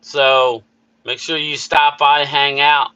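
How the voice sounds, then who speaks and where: A man's voice: a little high, little pitch movement, takes it slowly, sharp tone, smooth, lo-fi sound. A man hosting a casual live chat, upbeat, greeting viewers by name and repeating himself. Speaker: livestream host.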